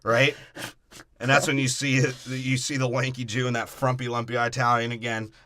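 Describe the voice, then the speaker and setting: A young man co-hosting a comedy podcast, tearing through a film with profane, rapid-fire riffs. His voice is bright and forceful at a middling pitch. He drops in and out of quick mock voices of the characters. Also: little pitch movement, slight background noise. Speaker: podcast co-host. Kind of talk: crude comedic movie breakdown.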